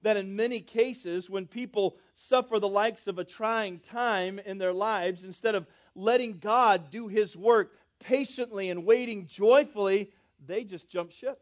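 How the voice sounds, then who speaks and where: High-voiced man preaching with dramatic swings. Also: measured pace, few pauses. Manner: swings between loud emphatic lines and soft low asides, drawing out key words; asks the congregation questions and calls for responses. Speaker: pastor. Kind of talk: sermon.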